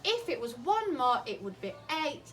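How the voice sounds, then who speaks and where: A woman teaching a maths lesson to a class of young children, slowly asking questions, encouraging their answers and repeating them back. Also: high voice, sing-song. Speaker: early years teacher.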